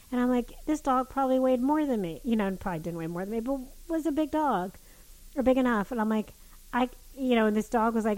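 A woman telling a story in casual chat, animated and swearing, with many restarts. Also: mid-range voice, low-quality recording.

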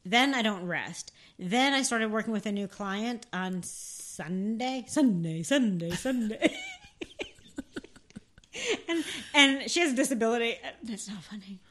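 A woman's voice: on the high side, expressive, a little slow, fairly bright tone. A woman co-hosting a podcast in casual chat, telling rambling stories, laughing often and swearing freely. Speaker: podcast co-host.

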